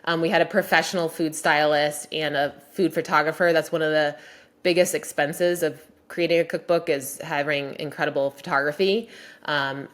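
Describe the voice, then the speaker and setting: A woman with a notably low-pitched voice speaks as a podcast guest about her cookbooks. She is enthusiastic and chatty, filling her talk with "like" and "um." She sounds like someone in her forties. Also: steady tone, moderate pace. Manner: enthusiastic, frequent "like" and "um" fillers. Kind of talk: casual podcast interview.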